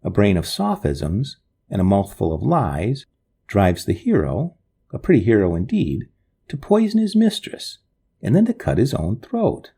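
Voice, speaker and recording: Gravelly, dark-voiced male storyteller. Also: on the low side, measured pace. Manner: dramatic, expressive first-person telling. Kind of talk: storybook narration.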